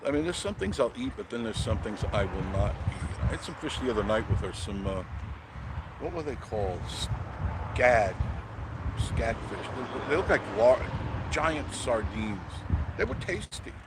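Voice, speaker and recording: A man's voice: medium pitch, very animated, normal speed, very noisy. A man hosting an unscripted live stream, talking bluntly and chattily and greeting viewers by name as he goes.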